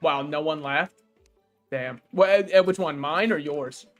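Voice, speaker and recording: A man's voice: a little high, measured pace, faint music behind. A young man streaming a game, joking and rambling casually and laughing at his own jokes. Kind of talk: casual gaming stream chat.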